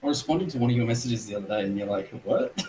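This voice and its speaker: An Australian man in his twenties or thirties chats as a guest on a live stream, laughing and swapping stories. His voice sits low. A faint background noise runs under him. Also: rapid-fire, a little mellow, rough recording. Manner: laughing often, storytelling. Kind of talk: casual chat on a live stream.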